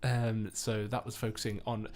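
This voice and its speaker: A man's voice: on the low side, level tone, normal speed, darkish tone. A young man co-hosting a casual podcast, chatty and self-deprecating, laughing often between stories. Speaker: co-host.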